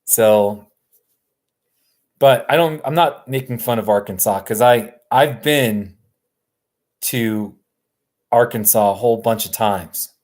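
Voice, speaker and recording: A man at ease on his couch, hosting a live stream at a slow, unhurried pace. His voice sits in an ordinary middle pitch. He rambles in a relaxed way and chuckles often. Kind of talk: casual live stream chat. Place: sitting on a couch at home.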